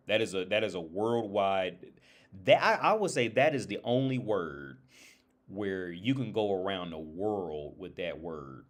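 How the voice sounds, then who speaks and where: A man telling a story on a casual livestream, rambling with many restarts and filler words. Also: sits low. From United States. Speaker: streamer and therapist.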